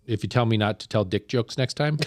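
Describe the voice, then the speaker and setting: Podcast host guy, low voice, jokey and laid back, dry close sound. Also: brisk, dry recording. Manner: joking, easygoing. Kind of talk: casual chat.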